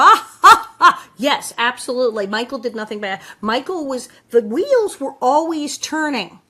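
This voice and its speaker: A woman's voice: high voice, normal speed, hardly any pauses. A woman co-hosting a podcast, chatting casually and acting out characters' lines as she recaps an episode. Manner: animated, acts out characters' lines in quoted voices. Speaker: podcast co-host.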